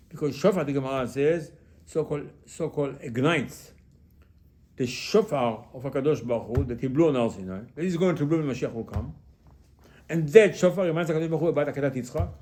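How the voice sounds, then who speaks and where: A man giving a sermon as a rabbi, asking rhetorical questions and repeating them, with Hebrew religious terms mixed into his English, moving between hushed asides and emphatic lines. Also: fairly high pitch. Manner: loudness swings from hushed to emphatic.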